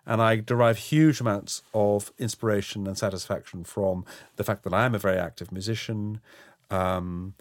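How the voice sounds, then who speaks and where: Frank, measured middle-aged man, lowish voice. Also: fairly even intonation, dry recording. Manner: frank, measured, with frequent restarts. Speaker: interview guest, housing developer. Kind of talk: reflective interview answers.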